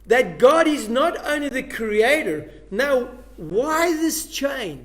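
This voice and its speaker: A man leads a Bible study class, speaking in a noticeably high register. He is emphatic and keeps turning questions back to the people sitting in front of him. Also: a bit bright. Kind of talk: Bible lesson to a live class.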